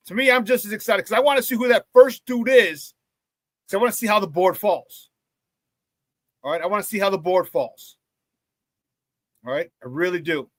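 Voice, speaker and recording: On a dry recording, a high-voiced sports talk radio host from around Chicago runs a casual show. He reads the live chat out loud, repeats himself as he talks, and stays animated, laughing frequently.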